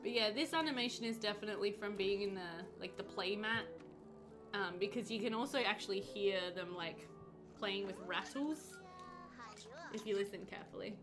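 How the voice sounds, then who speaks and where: A woman streaming a game live, chatting with her viewers, reading their comments aloud and reacting with bright exclamations. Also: mid-range voice, moderate pace. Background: game music.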